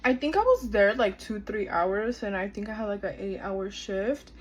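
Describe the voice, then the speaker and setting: A woman's voice: mid-range voice, expressive, normal speed, a little hiss or hum, rough recording. A woman in her twenties telling a story in casual chat, filler-heavy, acting out what people said. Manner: chatty, filler-heavy, acts out quoted dialogue. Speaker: storytime vlogger.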